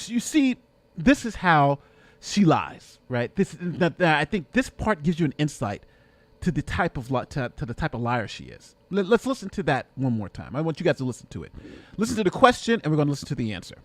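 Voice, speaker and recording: A man giving excitable reaction commentary, repeating himself and now and then bursting into shouts. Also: a little high, brisk, dry recording.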